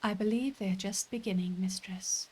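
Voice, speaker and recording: A woman's voice: medium pitch, fairly even intonation, normal speed, a little mellow, breathy edge, lightly acted. A woman reading the lines of a polite, deferential robot servant in a story game. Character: dutiful robot servant, deadpan.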